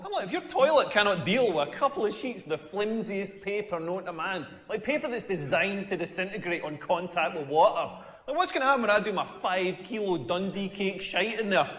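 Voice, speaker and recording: A Scottish man doing a crude stand-up routine, telling stories in an animated way with a lot of "like". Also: high-pitched, a little fast, reverberant, long reverb tail. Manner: crude, animated storytelling with repeated "like". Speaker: stand-up comedian.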